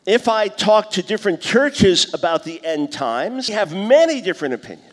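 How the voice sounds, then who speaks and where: High-voiced man lecturing in a reverberant hall. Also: normal speed. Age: 50s. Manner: lively teaching, acts out quoted voices. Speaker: conference speaker. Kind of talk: conference lecture on scripture. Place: conference hall.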